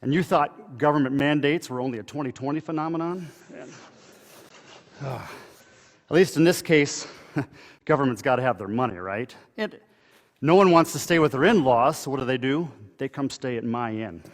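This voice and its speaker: A pastor delivering a dramatic first-person monologue during a church service, telling it in a conversational way with halting pauses and restarts. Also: male voice, mid-range voice. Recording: echoey hall with long reverb.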